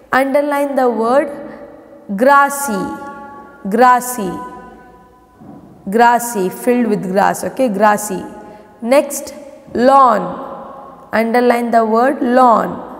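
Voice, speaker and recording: Slow, gravelly woman teacher. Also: a little high. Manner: slow, spells out words letter by letter. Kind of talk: reading a lesson aloud for an online class. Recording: long reverb from a hall.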